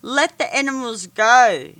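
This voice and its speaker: A woman voicing an indignant young boy who shouts and yells, in a storybook reading. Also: a little high, expressive, slow, voice pushed up, exaggerated voice. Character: angry young boy defending animals.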